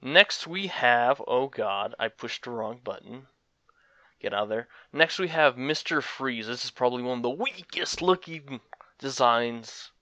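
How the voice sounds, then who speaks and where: A man's voice: mid-range voice, bright, forceful tone, dry recording. A young man giving casual, rambling commentary on a fighting game, with frequent fillers and chuckles. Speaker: gaming commentator.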